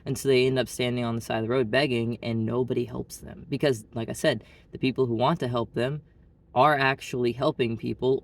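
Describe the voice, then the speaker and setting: Arkansas man rambling in a flat drawl. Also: mid-range voice. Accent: Southern US, Arkansas. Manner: blunt, rambling, heavy use of "like". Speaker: vlogger. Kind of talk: casual storytelling monologue.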